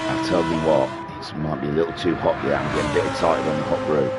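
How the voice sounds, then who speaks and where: A man's voice: a bass voice, fairly even intonation, quick pace. A man doing live commentary for a sim racing league stream, chatty and rambling, with self-deprecating asides. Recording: music playing behind voice. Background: music.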